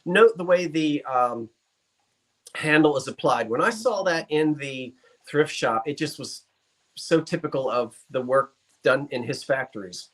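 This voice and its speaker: A man's voice: a little high, expressive, a little slow, fairly bright tone. A man hosting a live online antiques sale, chatty and genteel with theatrical asides. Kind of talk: live auction stream.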